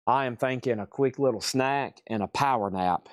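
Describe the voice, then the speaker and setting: Worn out guy running a live record sale, reading off prices nonstop, smooth voice, dry close sound. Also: medium pitch, dry recording. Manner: rapid-fire listing of records and prices, tired. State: worn out after hours of talking. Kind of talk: live sales stream patter.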